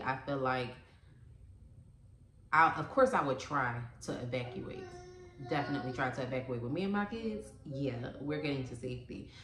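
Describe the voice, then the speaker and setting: Woman in her thirties, vlogger, low voice, earnest and emotional, echoey room at home. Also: fairly bright tone, slight background noise. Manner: earnest and emotional, says "y'all" often. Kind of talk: casual vlog chat.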